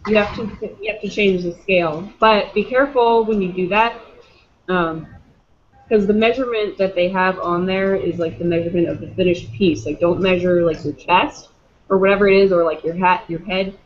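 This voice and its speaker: A woman's voice: lowish voice, steady tone, normal speed. Chatty woman giving advice on a muffled call. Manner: chatty, gives advice with fillers like "like". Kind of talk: casual video-call chat. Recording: muffled video-call audio.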